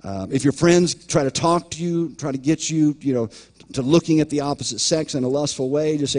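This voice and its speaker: A man's voice: a little high, fairly quick, a little mellow. A man preaching a sermon as pastor, emphatic, often repeating words and acting out imagined voices.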